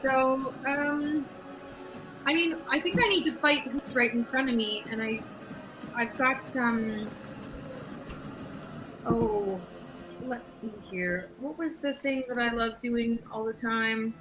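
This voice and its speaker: A woman's voice: a little high, fairly even intonation, slow, long pauses, over music, low-quality recording. A woman playing in a tabletop role-playing game, playful and thinking aloud about her moves. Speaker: player.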